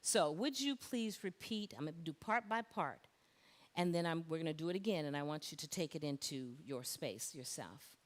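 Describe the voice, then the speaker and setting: Lady minister preaching, low voice that swoops around a lot, big echoey hall. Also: moderate pace. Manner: animated, call-and-response preaching. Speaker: reverend. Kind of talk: sermon. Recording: long hall reverb.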